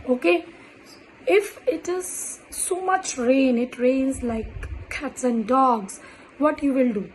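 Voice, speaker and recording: A woman teaching French in an online lesson, speaking deliberately and repeating words with many fillers. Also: sits high, a little hiss or hum, low-quality recording.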